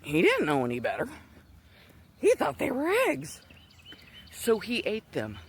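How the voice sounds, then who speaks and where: A man's voice: high-pitched, huge pitch swings, unhurried, creaky, slight background noise. A middle-aged man telling a personal testimony in a casual, rambling way, slightly out of breath as he walks outdoors. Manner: rambling, digressive storytelling with many restarts. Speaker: Christian vlogger. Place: outdoors, walking.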